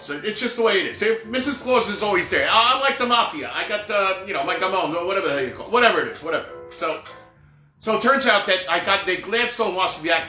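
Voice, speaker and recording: In a high, pushed, bright voice, a middle-aged man casually rambles through stories about years spent performing as Santa, scattering asides and words like "right?" and "whatever." The space sounds roomy and echoey, with faint background music.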